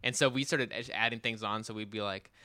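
A man with a bright, crisp voice talks through family stories in a relaxed, casual way. He loses and restarts his thread with easy fillers. The recording is close and dry. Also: on the low side, brisk, no room sound. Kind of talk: casual chat.

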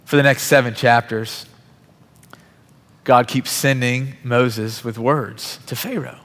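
A man's voice: mid-range voice, fairly even intonation, takes it slowly, fairly bright tone. A man in his thirties, a pastor giving a sermon in an earnest, conversational storytelling way. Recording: long hall reverb.

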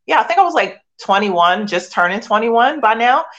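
A woman's voice: on the high side, animated, moderate pace, lo-fi sound. A middle-aged woman from Philadelphia sharing her faith testimony as a guest, emotional and repetitive, firing off rhetorical questions. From Philadelphia, USA. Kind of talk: candid personal testimony.

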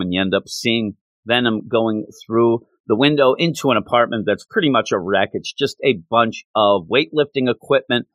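A man casually recapping a comic book story, explaining it in an animated way and slipping into the characters' lines. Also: medium pitch, no room sound. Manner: animated, acts out quoted lines.

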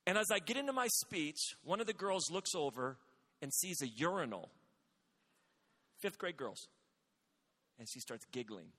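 A man in his forties preaching a sermon, telling stories with energy and rising to shouts at his high points. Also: normal speed, pauses often. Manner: animated storytelling, rising to shouts. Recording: hall with long reverb.

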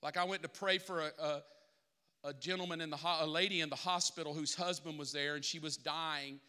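A man's voice: a little high, steady tone, fairly quick, bright, forceful tone, clean tone, long reverb tail. A middle-aged male pastor preaching a sermon, confessional and emotional, building to impassioned peaks.

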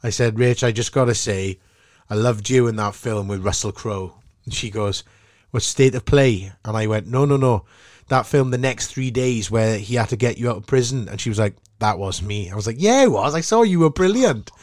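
A Welsh podcast host with a somewhat low voice tells a story in an animated way and laughs easily. The sound is close and dry. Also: male voice, moderate pace, no room sound. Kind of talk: casual chat, storytelling.

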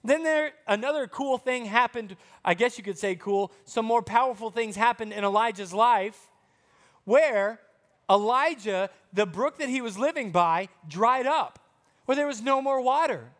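A man's voice: very high-pitched, normal speed, a bit bright. A man teaching a Bible story to children, chatty and playful, talking to the kids directly.

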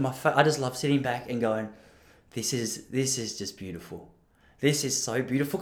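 A man's voice: on the high side, a bit bright. A man in his thirties, talking casually and rambling as a podcast host, joking at his own expense and laughing at his own lines. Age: 30s. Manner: chatty, self-mocking, laughs at own jokes.

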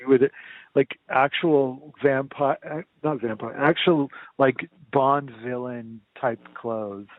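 A laid-back man chatting casually and egging on his co-host. His voice sits at an ordinary middle pitch. It sounds thin and phone-like, as if on a poor line. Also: slow, no room sound. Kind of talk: casual chat.

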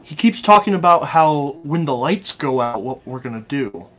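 Man, somewhat high voice, playful idea-pitching banter, quick to laugh. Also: lively intonation, fairly bright tone. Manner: playful, laughs often, riffing on ideas. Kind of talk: casual brainstorming chat.

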